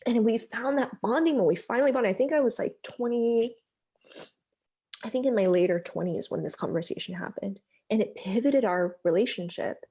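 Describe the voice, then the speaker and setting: Warm-voiced American woman telling her story. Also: fairly high pitch, normal speed, breathy edge. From United States. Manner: candid, heartfelt, peppered with "like" and "you know". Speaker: podcast guest. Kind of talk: personal storytelling in conversation.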